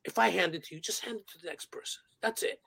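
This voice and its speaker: A man putting on the voice of a laid-back, gruff male pro wrestler who drawls and calls people brother. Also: fairly high pitch, normal speed, fairly bright tone. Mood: hushed instruction.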